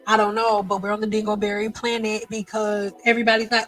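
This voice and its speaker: A woman's voice: medium pitch, brisk, hardly any pauses, a bit bright, breathy edge, soft background music. A woman hosting a casual live stream about hair, chatty, blunt and joking.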